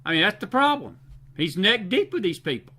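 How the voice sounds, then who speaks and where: A man's voice: high-pitched, big pitch swings, a little fast, sharp tone, husky. A man from the Southern United States with a Southern American accent, hosting a late-night live stream, reading viewer comments and repeating phrases for emphasis. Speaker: host.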